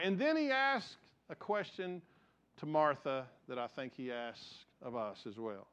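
A man preaching a sermon as pastor, telling stories earnestly and dropping from raised emphasis to hushed, quiet passages. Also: medium pitch, animated, unhurried, clean tone. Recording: dull lo-fi sound.

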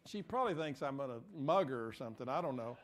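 A male pastor with a medium-pitched voice and lively intonation talks fast as he tells a story in his sermon. His tone is conversational and self-deprecating, and he acts out the voices of the people he quotes.

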